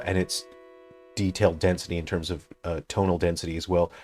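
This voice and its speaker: A man, a game developer, giving analytical commentary on a game he is playing, thinking aloud with many fillers. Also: low-pitched. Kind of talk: gameplay commentary.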